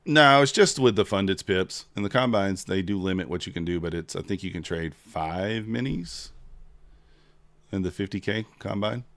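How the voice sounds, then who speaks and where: A man's voice: low-pitched, expressive, moderate pace, fairly bright tone, dry recording. A man hosting a casual trading livestream, chatting with viewers and counting down a giveaway.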